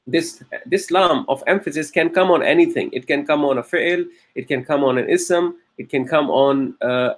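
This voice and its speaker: A man teaching Arabic grammar in a classroom lecture, patiently checking in with frequent "okay?" and slowing down to stress key terms. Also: on the high side.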